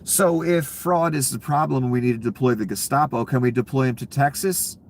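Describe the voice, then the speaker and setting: A male commentator delivers an angry political rant in a middle-pitched voice. He is sarcastic and swears often. Faint background noise sits under the recording. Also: a little fast, hardly any pauses. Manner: profane, sarcastic, heated.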